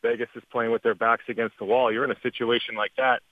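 A man's voice: mid-range voice, little pitch movement, fast talker, no echo. A Canadian man, a former hockey player, chatting easily about playoff hockey as a guest analyst over the phone. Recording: tinny phone line, dry.

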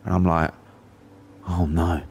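A man's voice: low-pitched, little pitch movement, takes it slowly, darkish tone, husky. A middle-aged man, a boxing promoter, telling a long story on a podcast and acting out the voices of other people. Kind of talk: anecdotal storytelling.

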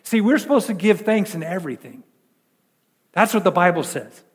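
A man's voice: high voice, animated, normal speed, big-room sound. A male pastor preaching a sermon in a chatty way, full of repeated words and rhetorical questions.

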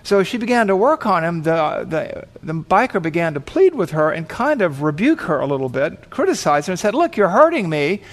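A man's voice: fairly high pitch, big pitch swings, brisk, few pauses. A man preaching, telling a dramatic illustration and acting out the voices of the people in it. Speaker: pastor. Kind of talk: sermon illustration storytelling.

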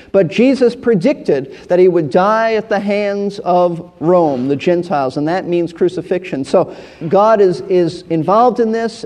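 A man's voice: high voice, dark tone, in a large hall. A man teaching through a Bible passage verse by verse, explaining as he goes and often repeating words and restarting phrases.

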